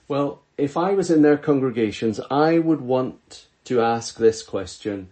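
A middle-aged pastor reading scripture and preaching an earnest, measured sermon full of rhetorical questions. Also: male voice, medium pitch, lively intonation, dark tone.

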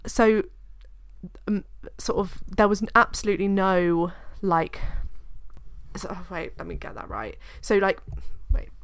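A woman's voice: medium pitch, measured pace, vocal fry, clear, resonant tone, dry recording. A British woman co-hosting a podcast, chatting in a rambling, candid way and swearing freely. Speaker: podcast co-host. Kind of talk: casual chat.

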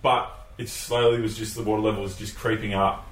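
A man telling a travel story in a relaxed casual chat, laughing and swearing. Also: fairly low pitch, brisk. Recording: roomy echo, distant mic, faint ambient noise.

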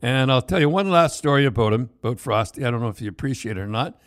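An older man telling rambling, animated anecdotes in casual chat, with many restarts and laughs. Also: medium pitch, fast, dry recording, clean studio sound. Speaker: storyteller co-host.

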